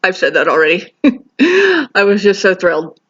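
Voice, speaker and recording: A woman's voice: fairly low pitch, big pitch swings, normal speed, fairly bright tone, muffled recording. A woman giving a casual spoken review of a TV episode, chatty and enthusiastic, with frequent restarts and asides.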